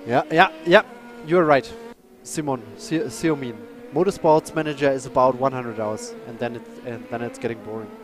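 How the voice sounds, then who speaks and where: A man who speaks natively, chatting and commentating a live sim race, excitable and apologetic. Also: mid-range voice, moderate pace, hardly any pauses, a little hiss or hum. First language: German.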